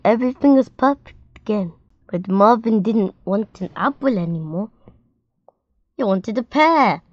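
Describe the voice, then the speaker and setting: A woman reading a picture book aloud to children in a clear storytime manner. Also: medium pitch, dry recording, muffled recording.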